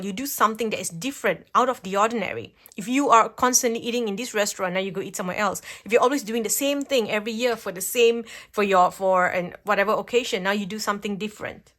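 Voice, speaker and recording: A woman's voice: fairly high pitch, a bit bright. A woman giving a pick-a-card tarot reading at home, chatty and reassuring, often checking in with "okay?". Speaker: tarot reader. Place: home, at a table with cards.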